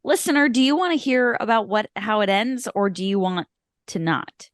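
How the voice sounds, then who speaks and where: A woman's voice: medium pitch, moderate pace, no room sound. Teasing woman podcaster, dry close sound. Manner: teasing, blunt banter with side tangents. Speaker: podcast co-host. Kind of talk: casual movie podcast chat.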